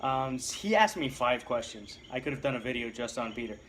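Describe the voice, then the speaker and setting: A man's voice: medium pitch, animated, fairly quick, fairly bright tone, a little hiss or hum. A man in his thirties from Puerto Rico, answering viewer questions in a casual vlog, rambling and self-deprecating with lots of restarts. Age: 30s.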